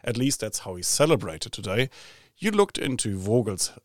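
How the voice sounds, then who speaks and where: A man's voice: on the low side, sing-song, normal speed, no room sound, studio quality. A man with a German accent hosting a podcast interview, asking probing, wry questions. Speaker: podcast host, think tank head. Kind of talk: conversational interview.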